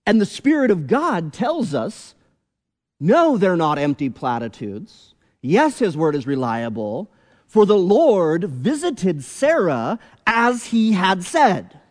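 Slow, lively-pitched male preacher. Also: big-room sound. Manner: deliberate, emphatic preaching with rhetorical questions. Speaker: pastor. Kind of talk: sermon.

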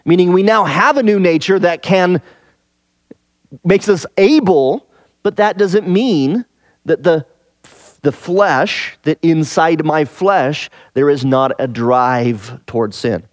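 Speaking slowly in a voice on the high side, a man teaches through scripture one verse at a time. He keeps it conversational, poses rhetorical questions and repeats key phrases, all recorded at studio quality without echo.

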